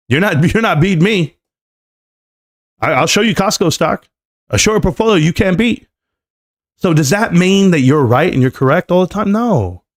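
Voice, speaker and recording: A man's voice: medium pitch, darkish tone. A middle-aged man hosting a live stream from home, ranting in a casual way and talking straight to his chat.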